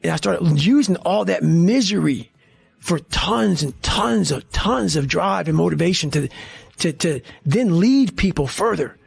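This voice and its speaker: A man's voice: sits high, expressive, a little slow, creaky, husky. A middle-aged man telling a story as a podcast guest, intense, blunt and full of profanity. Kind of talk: casual storytelling in a podcast interview.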